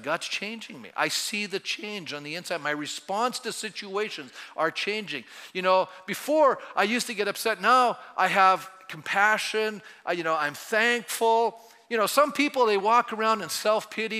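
A man preaching a sermon as pastor. He is animated, puts questions to the congregation and acts out quotes in different voices. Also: high voice, brisk. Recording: long church-hall reverb.

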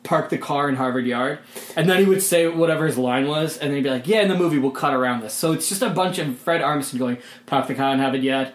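A man's voice: fairly high pitch, fast talker. A man co-hosting a podcast, chatting casually with wry, tangent-prone asides. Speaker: podcast co-host. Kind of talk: casual chat. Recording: roomy echo.

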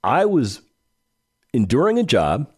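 A man's voice: mid-range voice, huge pitch swings, slow, darkish tone, breathy edge. A man hosting a radio talk show, speaking bluntly and conversationally and putting questions straight to his listeners. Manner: blunt and emphatic.

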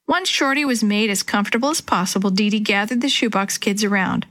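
A woman's voice: mid-range voice, fairly quick, hardly any pauses, a bit bright. Woman reading a children's storybook.

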